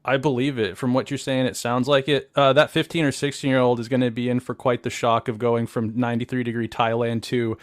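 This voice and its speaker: A man's voice: mid-range voice, little pitch movement, brisk, few pauses, dry recording. A man with a mid-range voice hosts a casual interview, recorded dry with almost no room sound. He feels his way through his questions, stopping often on "uh" and "um". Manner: hesitant, many "uh" and "um" fillers. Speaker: podcast host.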